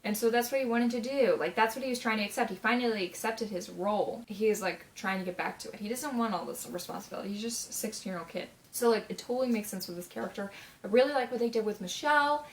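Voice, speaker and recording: Gushing chatty young woman. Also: quick pace. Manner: chatty, gushing, full of "like" and "you know what I mean"; breaks into sudden loud high exclamations. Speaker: movie reviewer. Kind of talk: casual vlog review.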